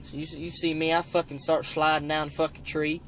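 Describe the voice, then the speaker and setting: A man's voice: on the high side, flat delivery, a little fast, a bit bright. A young man telling a hunting story in a rambling, profane way, padding every line with "you know". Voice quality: rambling, heavy swearing, constant "you know". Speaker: storyteller vlogger. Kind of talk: casual storytelling.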